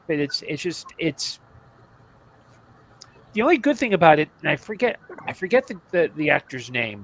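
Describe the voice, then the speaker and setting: Guy chatting on a podcast about old tv, kinda high voice, keeps restarting and going off on tangents. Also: a bit bright, poor audio. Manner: rambling, with frequent restarts and asides. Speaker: podcast co-host. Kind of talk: casual podcast chat about old TV series.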